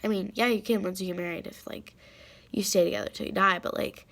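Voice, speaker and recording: A woman's voice: medium pitch, fairly even intonation, quick pace, gravelly. A teenage girl talking casually and emotionally to her camera at home, rambling with many fillers and restarts. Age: teens. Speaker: vlogger. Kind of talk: casual confessional chat to camera.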